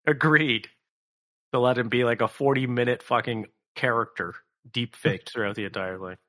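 A man's voice: mid-range voice, fairly even intonation, normal speed, pushed and bright. A man co-hosting a casual podcast, rambling and swearing with lots of fillers. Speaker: podcast co-host.

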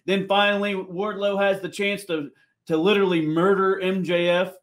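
A man co-hosting a wrestling podcast, talking excitedly with quick restarts in casual chat. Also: high voice.

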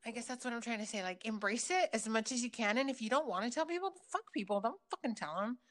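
A woman telling personal stories in a loose, casual chat, swearing freely and filling pauses with ums and likes. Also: fairly high pitch, animated, fairly bright tone. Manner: filler-heavy, with frequent ums and likes.

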